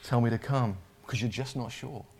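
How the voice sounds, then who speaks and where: Male preacher, mid-pitched voice, conversational sermon with repeated words and questions to the room. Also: moderate pace, darkish tone, husky.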